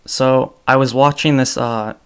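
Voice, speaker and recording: A man's voice: mid-range voice, fairly even intonation, a little slow, clear, resonant tone. A young man hosting his own podcast, talking alone off the cuff, thinking aloud and correcting himself as he goes. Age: young adult. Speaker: podcast host. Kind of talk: unscripted solo talk.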